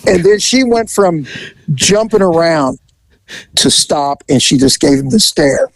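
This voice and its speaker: A man's voice: on the high side, a little slow, no room sound, rough recording. A man hosting a podcast, telling a comic police story with laughter and voice impressions. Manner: animated, laughing, mimics voices.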